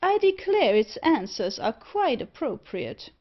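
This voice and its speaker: A woman voicing a sour-looking gentleman who speaks curtly and briskly. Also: high voice, very animated, pitched above the performer's own voice, full character voice. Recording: slightly dull audio.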